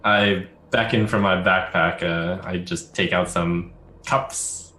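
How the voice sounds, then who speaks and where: A man's voice: low voice, takes it slowly. A man playing a tabletop game casually, describing what his character does. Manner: relaxed, describing his moves. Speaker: player. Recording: roomy echo.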